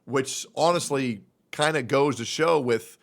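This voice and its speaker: A man's voice: medium pitch, measured pace, vocal fry, a bit bright. A young man streaming, giving blunt, profane reaction commentary.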